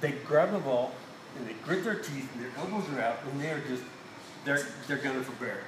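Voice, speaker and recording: A man's voice: medium pitch, animated, fairly quick, background noise. A man, a pastor, giving a sermon, telling stories and asking the congregation questions. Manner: storytelling, rhetorical questions to the congregation. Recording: echoey hall with faint ambience.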